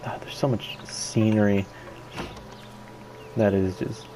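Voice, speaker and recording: A man's voice: lowish voice, little pitch movement, slow, pauses often, background noise. A man giving casual, joking let's-play commentary. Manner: joking, rambling. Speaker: gaming YouTuber.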